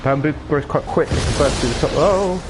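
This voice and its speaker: A man's voice: a little high, a little fast, music in the background. A man giving casual, jokey game commentary with rambling, playful asides. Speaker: gaming streamer.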